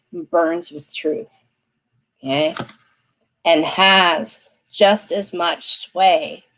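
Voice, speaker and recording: Slow, chatty woman tarot reader. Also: fairly low pitch, poor audio. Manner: chatty, emphatic, laughs often. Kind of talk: live-stream reading.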